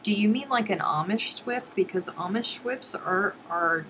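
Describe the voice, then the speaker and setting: A woman's voice: mid-range voice, a little slow, background noise. A middle-aged woman hosting a casual live stream and chatting with her viewers, reading their comments aloud playfully. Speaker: livestream host.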